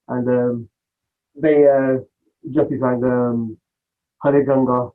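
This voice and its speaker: A man's voice: mid-range voice, steady tone, slow pace, pauses often. A man, a podcast guest telling stories casually, rambling and acting out the dialogue he quotes. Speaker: podcast guest, music producer. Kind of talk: casual storytelling interview. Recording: tinny phone-like line.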